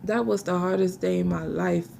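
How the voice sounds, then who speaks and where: A young woman giving an emotional personal testimony to a camera, halting and searching for words while fighting back tears. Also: fairly low pitch, fairly even intonation, vocal fry, a little mellow, a little hiss or hum. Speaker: vlogger telling her life story.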